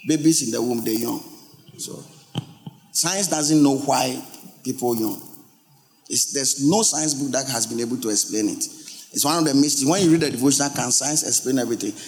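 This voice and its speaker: A male pastor, preaching a lively sermon and asking his congregation questions. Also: medium pitch, normal speed. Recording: long hall reverb.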